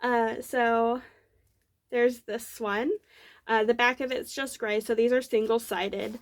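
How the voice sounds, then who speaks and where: Casting a young woman, high voice, unhurried, excitable rambling crafting chat. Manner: bubbly, rambling, many fillers, excited gushing. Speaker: knitting podcast host. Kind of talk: casual show-and-tell chat.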